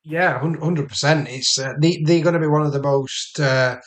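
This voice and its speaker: A man co-hosting a sports podcast in casual chat, speaking in a halting, agreeable way. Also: a little high, fairly even intonation. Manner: halting, agreeable, many fillers. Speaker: podcast co-host.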